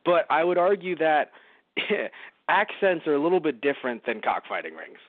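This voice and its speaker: Male podcast co-host, casual rambling reviewer who swears freely; slightly high voice, dry, phone-narrow audio. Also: normal speed, no echo. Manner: rambling, swears a lot, animated.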